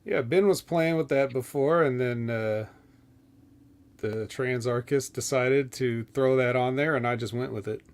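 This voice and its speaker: A man co-hosting a casual wrestling podcast in a relaxed way, reading out viewer comments. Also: medium pitch, a little slow, clean tone. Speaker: podcast co-host. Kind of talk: casual wrestling show chat.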